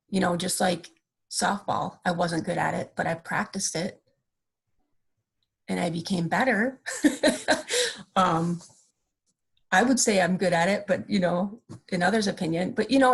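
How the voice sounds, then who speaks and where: A woman guest talking candidly on a podcast, searching for her words with plenty of fillers. Her low-ish voice has a gravelly fry and a husky edge. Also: rough recording. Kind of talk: candid personal chat.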